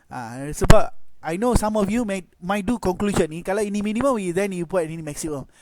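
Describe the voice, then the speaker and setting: A man's voice: sits high, lively intonation, fast. A man with a Malaysian accent teaching a math class, mixing English and Malay and saying "okay" and "lah" often. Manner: code-switches between English and Malay, frequent "okay" and "lah". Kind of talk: online class lecture. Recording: loud background noise with clicks.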